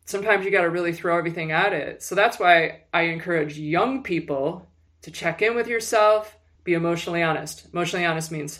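A woman guest in an interview, telling personal stories in an animated way with lots of fillers and restarts. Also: on the low side, fairly quick. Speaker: guest, music publicist. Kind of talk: candid personal storytelling.

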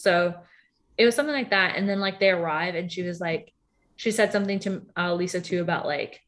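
A woman co-hosting a casual recap chat, talking fast and loosely with many fillers and acted-out quotes. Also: mid-range voice. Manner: chatty, filler-heavy, animated quoting. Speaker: podcast co-host.

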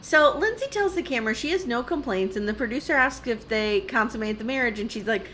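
Female podcast co-host, casual recap chat, blunt and profane, quick laughs, animated higher voice. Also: a little hiss or hum. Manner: blunt, swears, laughs often.

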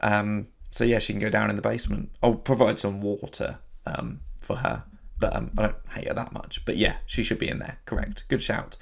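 A man's voice: fairly low pitch, little pitch movement, moderate pace, vocal fry. A young man from England hosting a casual podcast over a video call, hesitant with fillers and laughing often. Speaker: podcast host.

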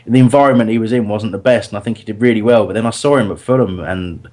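A man's voice: fairly low pitch, fast, a little mellow. A man hosting a casual football chat, talking easily with many restarts and laughs. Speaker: podcast host.

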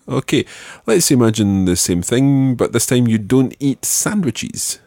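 A male language teacher leading a spoken lesson, patiently modelling words slowly and clearly. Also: medium pitch, animated, warm tone, no echo, studio quality.

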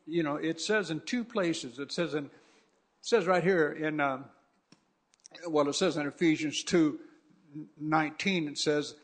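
A man's voice: on the high side, unhurried. A man preaching a sermon to his congregation as their pastor, fervent and exhorting, repeating phrases for emphasis. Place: church service before a congregation.

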